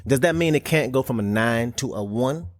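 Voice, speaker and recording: Man, podcast host, earnest casual monologue, emphatic pitch jumps, mid pitch, dry close mic. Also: expressive, normal speed, no room sound. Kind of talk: solo motivational podcast monologue.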